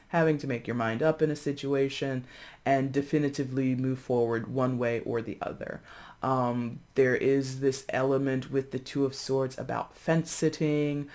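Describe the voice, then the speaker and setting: Chatty tarot reader talking to camera. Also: mid-range voice. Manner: chatty and expressive, with many fillers and restarts; breezy, addresses viewers as friends. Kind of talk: casual tarot reading to camera.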